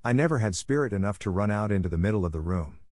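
A man's voice: fairly low pitch, lively intonation, quick pace, darkish tone, no room sound, clean studio sound. A man reading a storybook aloud, voicing a timid, weepy little male muskrat who pleads and whimpers. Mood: fearful, tearful.

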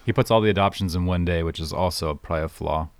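A man's voice: deep voice, fast talker, smooth, no room sound. A man co-hosting a podcast who tells stories in a dry, matter-of-fact way. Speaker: podcast co-host. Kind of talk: casual storytelling.

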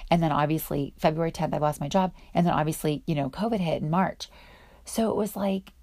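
Chatty woman teaching the Bible, mellow voice. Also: deep voice, fairly quick, no room sound, clean studio sound. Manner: chatty, filler-heavy, enthusiastic. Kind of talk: casual devotional teaching.

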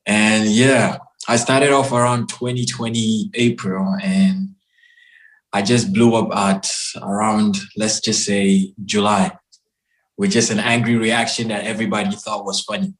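Man from nigeria, podcast guest, animated and emphatic, echoey room. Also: on the low side, measured pace. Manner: animated, repeats himself for emphasis. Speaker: guest, social media comedian. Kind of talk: casual interview chat.

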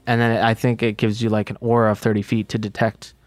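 A man's voice: fairly low pitch, flat delivery, fast talker, no room sound, faint music behind. Rules-minded man at the game table. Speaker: player. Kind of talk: casual tabletop game chat.

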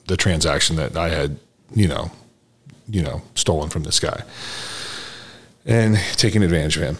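A man hosting a conversation, telling a personal story in a relaxed, drawn-out way and acting out the dialogue. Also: deep voice. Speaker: host. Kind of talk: casual storytelling chat.

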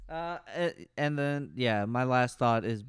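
A man's voice: mid-range voice, gravelly, smooth, no room sound. Young male podcast co-host, resonant clean voice, dry close sound, loose profane rants about films. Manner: profane, rambling, enthusiastic. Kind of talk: casual movie review chat.

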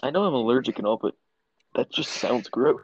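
Husky man cracking dry jokes. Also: mid-range voice, expressive, a little fast, no echo, muffled recording. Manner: dry, teasing interjections. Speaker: podcast co-host. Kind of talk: casual chat.

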